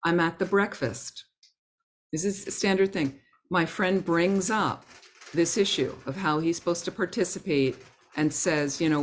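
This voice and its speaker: Low-voiced woman giving a gentle Dharma talk. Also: normal speed. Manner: conversational, gentle, acts out inner thoughts. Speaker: Buddhist teacher.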